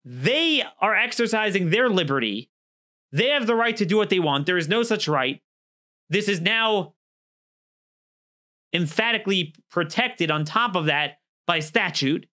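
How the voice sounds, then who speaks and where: A man's voice: sits high, animated, a little slow, pushed and bright. A man giving an argumentative opinion monologue as a political commentator, emphatic and acting out quoted exchanges.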